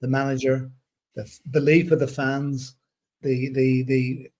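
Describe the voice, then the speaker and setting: A man co-hosting a casual fan chat show, speaking in a measured, agreeable way with halting restarts. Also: mid-range voice, flat delivery, darkish tone. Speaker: co-host of a fan channel show.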